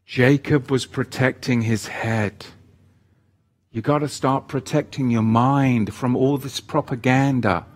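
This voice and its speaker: A man preaching a sermon, emphatic and repetitive, swinging between loud exhortation and quieter asides. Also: mid-range voice, steady tone, slow.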